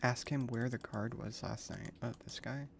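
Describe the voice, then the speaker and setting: Man, gravelly, mid-pitched, livestream gamer, crude slangy reactions, reads game text aloud. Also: steady tone, normal speed, background noise. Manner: crude slang-heavy reactions, swears often. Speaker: streamer. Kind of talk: casual gaming livestream commentary.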